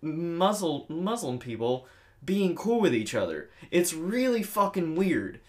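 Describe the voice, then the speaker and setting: A woman's voice: lowish voice, sing-song, measured pace, darkish tone. A woman co-hosting a casual podcast, ranting bluntly and swearing about a movie she found baffling. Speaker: podcast co-host reviewing a movie. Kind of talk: casual chat.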